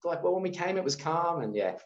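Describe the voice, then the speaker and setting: With a voice on the high side and a fast delivery, the Australian guest, a man in his thirties, animatedly tells a personal story in a casual interview and voices the people he quotes. The audio is roomy and somewhat dull.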